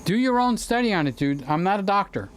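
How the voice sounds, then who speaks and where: Fairly quick and expressive, this high-pitched male host speaks over slight background noise. His casual home-studio livestream is built on reading viewer comments, addressing people by name, and bursting into sung lines from time to time.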